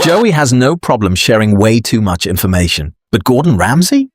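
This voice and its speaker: A man's voice: medium pitch, sing-song, normal speed, very noisy. A man giving wry, punchy scripted narration for a compilation video.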